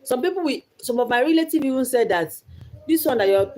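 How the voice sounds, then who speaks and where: A woman's voice: sits high, expressive, a little fast, warm tone, slight background noise. A young Nigerian woman giving an earnest motivational talk about her life, repeating phrases for emphasis. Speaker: vlogger.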